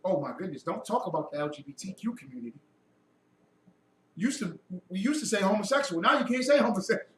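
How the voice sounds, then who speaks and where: Lecturing a group heatedly, a man fires off rhetorical questions in a preachy, mocking way, his voice sitting high, very animated, and a little fast. Faint noise, echo, and a distant mic mark the recording.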